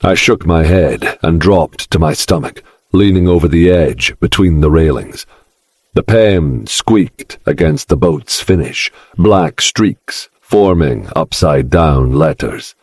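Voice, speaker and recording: A man with an extremely deep voice narrates in a slow, brooding first-person style. His tone is husky, and the recording is dry and close. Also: no room sound. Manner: slow, brooding, dark delivery. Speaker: audiobook narrator.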